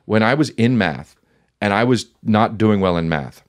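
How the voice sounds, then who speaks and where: A man's voice: fairly low pitch, lively intonation, normal speed. A man chatting as a podcast guest, telling rambling, profane stories and acting out the voices he quotes. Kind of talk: casual chat.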